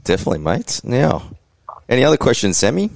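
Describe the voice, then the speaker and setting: A man's voice: mid-range voice, huge pitch swings, fast talker, gravelly, dry recording. A man hosting a casual fantasy sports podcast, laid-back and laughing often, calling everyone mate. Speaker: podcast host.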